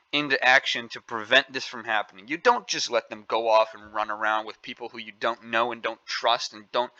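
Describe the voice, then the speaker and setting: Indignant man with a bright, sharp voice. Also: mid-range voice, no echo, highs cut off. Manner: indignant, scolding, repetitive. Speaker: commentary channel host. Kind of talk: angry opinion commentary.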